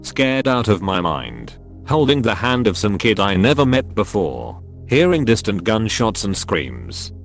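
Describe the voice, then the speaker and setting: Guy reading reddit comments out loud, lowish voice, goes up and down a lot, faint music behind. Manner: reads every text literally, web links spelled out. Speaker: narrator reading online comments. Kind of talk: scripted narration.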